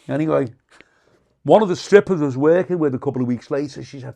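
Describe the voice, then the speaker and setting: A man's voice: medium pitch, fast talker, creaky, warm tone. A male comedian, telling crude, swear-filled stories in casual chat and acting out the quotes. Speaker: comedian guest. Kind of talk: casual storytelling.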